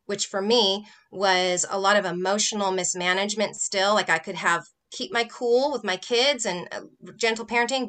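A woman speaking as a podcast guest, her voice bright and forward. She tells her own story in an earnest, reflective way, like a health coach speaking from experience. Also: mid-range voice. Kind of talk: personal testimony in a faith podcast conversation.

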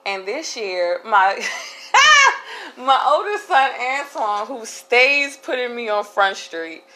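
A woman's voice: on the high side, lively intonation, takes it slowly, pushed and bright, poor audio. A woman hosting a casual solo podcast, talking candidly in a rambling way with frequent restarts. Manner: candid, rambling, laughs between thoughts. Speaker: podcast host.

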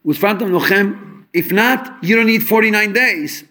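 A man giving an animated Torah talk at a fabrengen, explaining with homely examples and mixing English with Hebrew and Yiddish terms. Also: high-pitched, normal speed. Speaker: Torah teacher. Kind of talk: fabrengen talk on Chassidic teachings.

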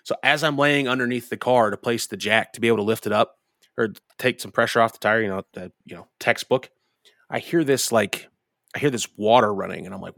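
A man with a medium-pitched, fairly bright voice talks fairly quickly as a podcast co-host, spinning a rambling, profane story in casual chat. The recording is dry with clean studio sound.

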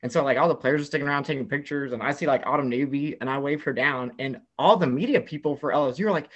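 A young man from the American South telling an excited story in casual chat, filling his talk with "like" and acting out what people said. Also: medium pitch, quick pace, few pauses. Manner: excitable storyteller, heavy "like" filler, acts out quotes. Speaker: guest telling a travel story.

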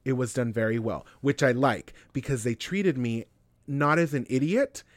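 A man's voice: medium pitch, normal speed, dry recording. An American man co-hosting a podcast, talking in a profane, emphatic, opinionated way. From United States. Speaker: podcast co-host. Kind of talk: casual chat.

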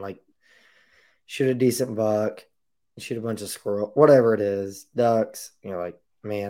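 A man with a raspy, hoarse voice hosting a casual podcast interview, talking in a relaxed, chatty way with lots of fillers. His voice sits low and mellow, and his tone is relaxed and laid back. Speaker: podcast host.

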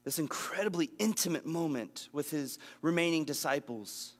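A man teaching a casual Bible lesson in a conversational, animated way, acting out the scenes he reads. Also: fairly high pitch, normal speed, long reverb tail.

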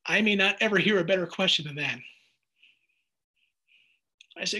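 Husky, bright-voiced male preacher. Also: sits high, moderate pace. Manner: passionate, repeats words when excited. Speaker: radio preacher. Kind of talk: sermon with listener texts.

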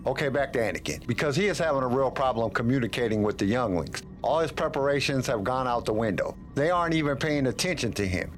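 A man talks through a chapter recap in a relaxed, chatty way at an ordinary pitch. Faint music plays behind his voice. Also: fast talker, few pauses. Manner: conversational, chatty. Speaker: book discussion host. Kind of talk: casual recap commentary.

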